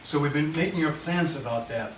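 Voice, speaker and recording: A man with a somewhat high voice and a fairly quick delivery presents at a committee meeting, leading people through a handout map of his neighborhood. The meeting room recording is echoey and noisy, with the mic well away from him.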